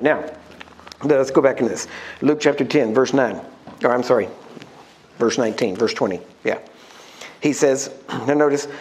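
A man preaching a sermon, emphatic, slowing down to stress key words and asking the congregation questions. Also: mid-range voice, a little mellow.

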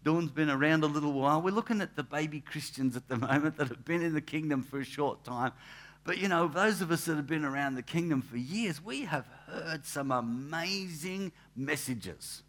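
A man, a pastor giving a relaxed, anecdotal sermon in church, with asides and restarts. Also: a little high, moderate pace. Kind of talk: conversational sermon.

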